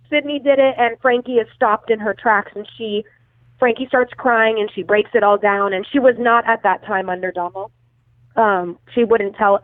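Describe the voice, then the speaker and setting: As an interview guest on a phone call, a woman tells a long, casual, profane story packed with fillers and self-corrections. Her voice is a little high, and the tinny phone line is dry with no room sound.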